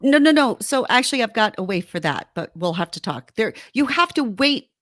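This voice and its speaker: Animated high-voiced woman co-host. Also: fairly quick, dry recording, studio quality. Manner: animated, acts out heated quotes. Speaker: podcast co-host. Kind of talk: casual relationship advice chat.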